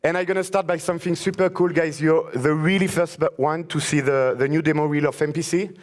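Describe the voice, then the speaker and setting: A man's voice: fairly high pitch, fairly even intonation, brisk. French-accented man presenting on stage. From France. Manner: joking, enthusiastic, slightly broken English. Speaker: conference presenter, 3D artist. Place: conference stage before a live audience.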